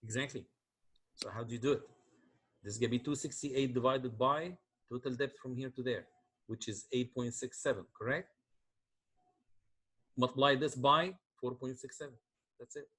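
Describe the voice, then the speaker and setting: Man, engineering lecturer, husky voice, step-by-step explanation, frequent check-ins with students. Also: mid-range voice, normal speed, pauses often, fairly bright tone. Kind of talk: university lecture.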